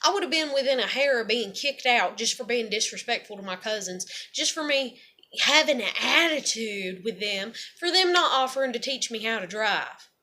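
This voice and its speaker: A woman's voice: a little high, animated, moderate pace, bright, forceful tone. A woman, venting bluntly in a raw, profane, heartfelt monologue. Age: 30s. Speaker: vlogger.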